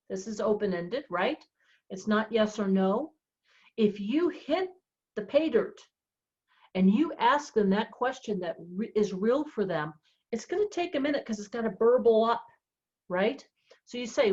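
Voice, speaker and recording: A woman real estate coach explaining a coaching method in an animated, chatty way. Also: on the high side. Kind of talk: coaching talk on a podcast. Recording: dull lo-fi sound.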